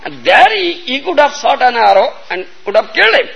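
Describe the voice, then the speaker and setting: A man's voice: very high voice, big pitch swings, brisk, gravelly, a bit bright, slightly rough, rough recording. A man giving a storytelling sermon, often checking whether listeners understand. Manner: storytelling lecture, repeatedly asking "You understand?". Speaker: spiritual teacher.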